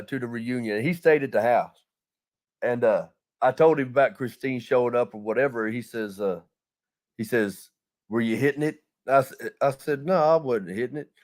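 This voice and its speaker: A man's voice: medium pitch, darkish tone. A man telling a long, profane, rambling story in casual chat, laughing as he goes. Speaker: podcast host.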